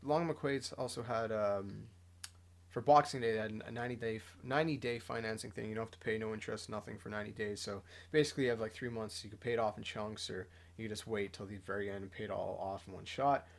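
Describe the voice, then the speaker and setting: A man's voice: fairly low pitch, steady tone, fast talker, gravelly. A young man vlogging casually about guitars, rambling with lots of fillers and restarts. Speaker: musician vlogger. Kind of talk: casual vlog talk.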